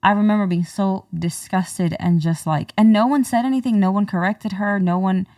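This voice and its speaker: Female podcast co-host, animated storyteller, dry sound, slightly off-mic. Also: medium pitch, normal speed, no echo, far from the mic. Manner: animated retelling, many fillers and restarts. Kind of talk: casual storytelling conversation.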